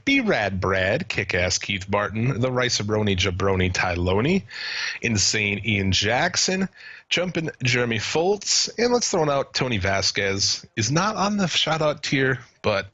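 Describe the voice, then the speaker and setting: A man co-hosting a podcast, chatting casually, swearing and laughing as he reads out listener shout-outs. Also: lowish voice, big pitch swings, unhurried, no room sound, lo-fi sound. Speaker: podcast co-host.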